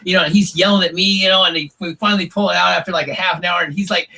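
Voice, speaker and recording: A man's voice: sits high, steady tone, rapid-fire, creaky, few pauses, bright, forceful tone, slight background noise, poor audio. A man telling long stories as an interview guest, rambling with lots of "like" and "you know". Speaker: interview guest, former reality show contestant. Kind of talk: casual interview storytelling.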